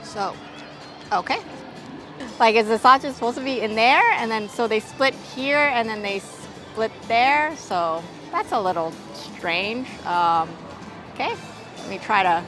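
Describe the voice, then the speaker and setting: Woman food vlogger thinking out loud about snacks, outside in the wind, music going in the background. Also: a little high, expressive, measured pace. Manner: chatty, hedging, thinks aloud. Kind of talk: casual food review vlog. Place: outdoors at a theme park, windy.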